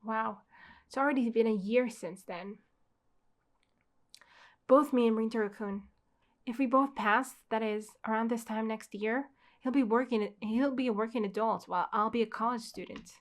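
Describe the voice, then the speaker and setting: Sweet earnest teen girl in love, read by a woman, bit high-pitched, manga read-along. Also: moderate pace, lightly acted. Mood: wistful. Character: cheerful teenage schoolgirl in love.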